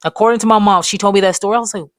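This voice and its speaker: Casual storytime host in their twenties, slangy and profane, at a middle pitch with no room sound. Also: steady tone, racing, dry recording. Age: 20s. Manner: rambling, profane, loose slangy talk. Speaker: vlogger telling life stories.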